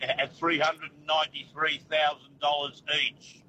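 A man's voice: a little high, flat delivery, normal speed, bright, forceful tone, muffled recording, a little hiss or hum. A man with an Australian accent calling a talkback show from the road, blunt and grumbling with firm opinions. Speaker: radio caller. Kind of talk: talkback call. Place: on the road, in a vehicle.

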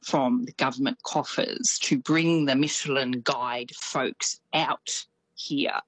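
A woman's voice: a bass voice, slow, slightly rough, no room sound, poor audio. A woman from Australia with a slight New Zealand lilt, chatting as a radio correspondent. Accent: Australian with some New Zealand. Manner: chatty, animated, laughs easily.

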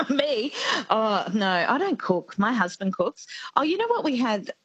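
A woman's voice: a little high, big pitch swings, unhurried, a bit bright, breathy edge, no echo, muffled recording. A woman from Australia co-hosting a radio show, bubbly and given to going off on tangents. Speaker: radio co-host. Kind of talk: casual radio chat. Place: radio studio.

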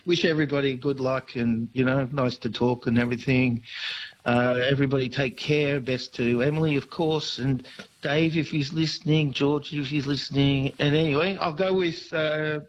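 Rambling caller on a phone line. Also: male voice, mid-range voice, fairly even intonation, moderate pace. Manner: rambling, hesitant, full of ums. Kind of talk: casual phone-in chat. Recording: dull phone line with faint noise.

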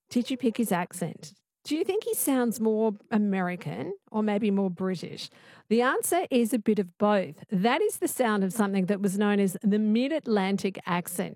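A woman's voice: medium pitch, a little mellow, no echo. An Australian woman hosting late-night radio talk from a studio, chatty and inviting listeners in. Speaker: radio host.

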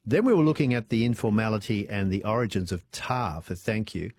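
A man's voice: on the low side, lively intonation, a little fast, a little mellow, husky. Chatty Australian man hosting radio. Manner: chatty, rambling, with many fillers and self-corrections. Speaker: radio host. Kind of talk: live talkback radio chat. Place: radio studio.

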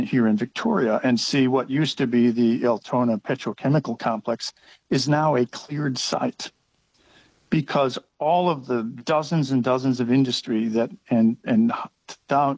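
A man's voice: mid-range voice, a little mellow, breathy edge, no room sound, low-quality recording. A man with an Australian accent calling in to talk radio, making his points earnestly and stumbling over some words. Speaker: caller. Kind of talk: call-in radio opinion.

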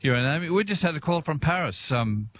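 A man's voice: a little high, animated, brisk, fairly bright tone, a little hiss or hum. A cheerful Australian man hosts a live radio show from a park. His talk is chatty and easygoing, and he rambles a little as he walks about. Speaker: radio host. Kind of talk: outdoor radio broadcast chat. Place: outdoors in a park.

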